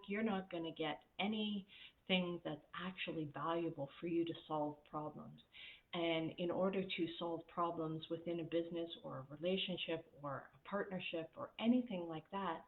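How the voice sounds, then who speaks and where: A woman's voice: on the low side, echoey room, phone-quality sound. A woman coach giving a casual, candid talk about workplace behaviour, chatty and self-mocking, with casual swearing.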